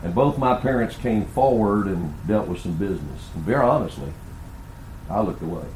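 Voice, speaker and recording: Older male pastor, animated sermon delivery, roomy sanctuary sound. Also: fairly low pitch, normal speed, a little hiss or hum. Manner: preaching with rhetorical questions and storytelling. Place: church sanctuary.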